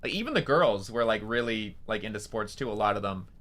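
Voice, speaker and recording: A man's voice: lowish voice, lively intonation, a little fast, fairly bright tone. A young man, a streamer, telling a story casually, rambling with lots of fillers and swearing.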